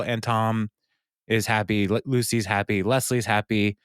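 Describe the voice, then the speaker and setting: A man's voice: on the low side, flat delivery, unhurried, clean tone, no echo, studio quality. A man co-hosting a podcast, casually recapping an episode and animatedly acting out the characters' lines. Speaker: podcast co-host.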